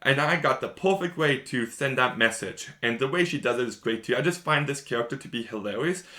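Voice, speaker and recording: A man's voice: mid-range voice, fairly bright tone. A man giving a casual, rambling spoiler review of a show, enthusiastic and repeating himself often.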